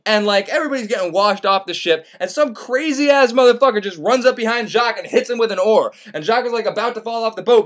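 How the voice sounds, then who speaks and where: A young man retelling a classic novel as casual comedy, rambling and profane, with lots of fillers. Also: sits high. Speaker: host.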